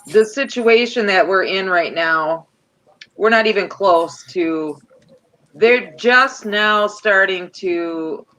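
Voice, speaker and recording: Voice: mid-range voice, pushed and bright. A person on a casual livestream who greets viewers in a sing-song way and gives views.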